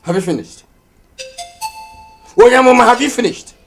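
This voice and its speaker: An actor playing an arrogant, greedy brother-in-law who lectures and mocks, speaking with a Nigerian accent over a film score. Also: male voice, very high voice, expressive, moderate pace, creaky, faint music behind, full character voice. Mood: commanding. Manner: scornful, lecturing, mocking. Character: arrogant greedy middle-aged man seizing land.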